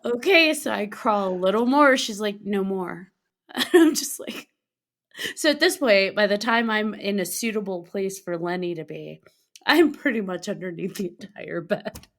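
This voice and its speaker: A woman telling a story in a casual podcast chat, animated, laughing often and acting out the lines of other people. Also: mid-range voice, moderate pace. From Colorado. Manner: animated, laughing, acts out quotes. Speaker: podcast guest.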